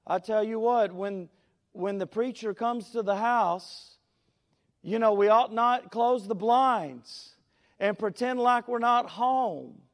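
A man's voice: high-pitched, slow, long reverb tail. A man preaching a sermon in a folksy, storytelling way, drawing out key words. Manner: folksy, tells stories, stretches key words.

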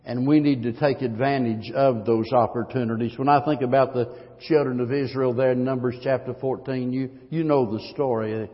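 A man preaching a sermon as pastor, emphatic, his voice swelling louder at key points. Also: mid-range voice, steady tone, normal speed, hardly any pauses. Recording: muffled long-reverb hall recording.

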